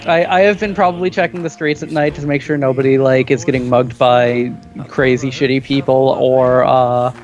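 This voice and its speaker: A man's voice: mid-range voice, fairly even intonation, moderate pace, hardly any pauses, muffled recording, faint music behind. A man playing a tabletop game, rambling casually. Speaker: player.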